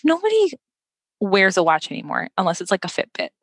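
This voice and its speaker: A woman's voice: medium pitch, brisk, breathy edge, no echo. Chatty young woman, dry close sound. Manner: chatty, animated, laughs often, many fillers. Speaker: podcast co-host. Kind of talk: casual chat reviewing a film.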